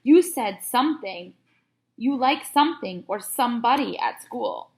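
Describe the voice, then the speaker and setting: A woman voicing a gruff, bossy adult male police officer who barks his questions. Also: fairly high pitch, expressive, measured pace, a little mellow. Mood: blustering. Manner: barking, blustery interrogating.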